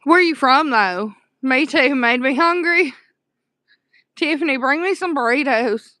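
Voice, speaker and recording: A woman with a Southern US accent hosting a casual livestream from a dark room at home at night, chatting warmly and answering her chat aloud with pet names. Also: high-pitched, measured pace, dry recording, studio quality. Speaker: livestream host.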